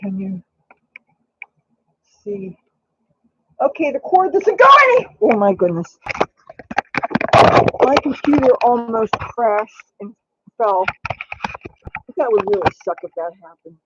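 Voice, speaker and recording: Man, very high pitched, lively swooping delivery, chatty live-stream host in a home kitchen, dull lo-fi sound. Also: takes it slowly, long pauses, background noise. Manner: chatty, coos baby talk at the cat. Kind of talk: casual live-stream chat while baking.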